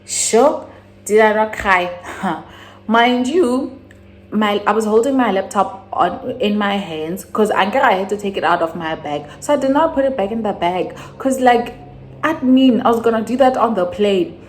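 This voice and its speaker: A young South African YouTuber with a South African accent casually retells a personal story at a measured pace. She rambles animatedly, jumping into sudden high-pitched exclamations.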